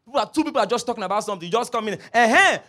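A man preaching a sermon, telling stories with lively repetition. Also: high voice, rapid-fire. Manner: animated storytelling, repeats phrases, laughs often. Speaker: pastor.

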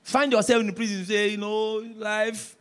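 A male pastor preaching a sermon, telling stories with quoted dialogue and rising to shouts. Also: high voice, moderate pace, smooth. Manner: storytelling, animated, rising to shouts.

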